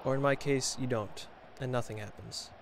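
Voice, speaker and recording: A man's voice: mid-range voice, steady tone, normal speed, background noise. A man streaming a video game, joking sarcastically and self-mockingly as he comments on play and answers chat. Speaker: gaming streamer. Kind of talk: casual live gameplay commentary, reading chat.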